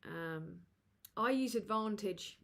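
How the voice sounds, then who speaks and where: A woman hosting a live chat with viewers, rambling and halting with many fillers, tired and low. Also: expressive. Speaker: livestream host.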